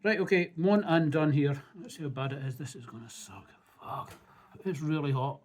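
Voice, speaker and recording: A man's voice: on the high side, normal speed. A Scottish man narrating his home cooking in a laid-back, casual way, with frequent fillers and swearing. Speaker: home cook and channel host.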